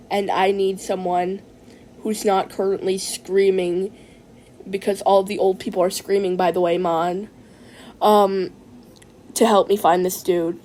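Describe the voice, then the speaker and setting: A woman's voice: mid-range voice, a little mellow, slight background noise, natural voice, poor audio. A woman voicing a laid-back young man with a mullet, telling a rambling comic story and ending nearly every sentence with "man". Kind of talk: comedic in-character story time.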